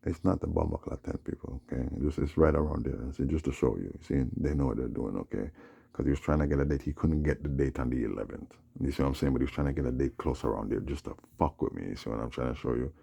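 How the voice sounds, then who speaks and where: Male vlogger, rambling monologue, rough, husky and low. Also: quick pace, dark tone. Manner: rambling, agitated, repeats "you know what I'm saying". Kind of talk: casual storytelling monologue.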